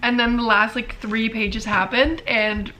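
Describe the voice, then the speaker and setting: A woman's voice: on the high side, level tone, a little slow, bright, forceful tone, a little hiss or hum. A young woman vlogging to camera about a novel she is reading, chatty and gushing, with many fillers. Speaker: book vlogger. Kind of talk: casual chat to camera.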